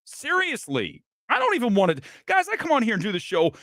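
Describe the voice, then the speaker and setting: A man's voice: very high voice, wildly swooping pitch, brisk, a bit bright, no room sound, clean studio sound. A man hosting a movie news show, ranting with profanity and sarcasm in casual commentary.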